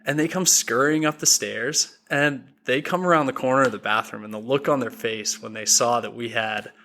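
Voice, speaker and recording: A young man, a podcast guest, telling a story in a casual, animated way and acting out the quoted dialogue. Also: mid-range voice, moderate pace.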